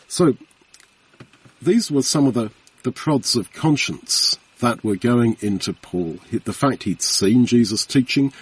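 A man's voice: mid-range voice, a little mellow, breathy edge. A man preaching a Bible teaching sermon in an earnest, conversational way, repeating phrases for emphasis. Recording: voice from far off the mic.

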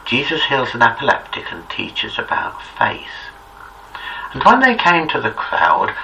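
A man reading scripture aloud in a measured, reverent narration. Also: mid-range voice, creaky, pushed and bright. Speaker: scripture reader. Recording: distant muffled recording, faint hiss.

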